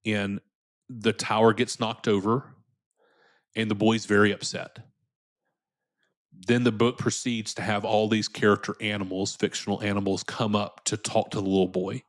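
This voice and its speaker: Earnest low-voiced man, podcast guest. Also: level tone, moderate pace. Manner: earnest, repeats words when starting sentences. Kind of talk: candid conversational interview.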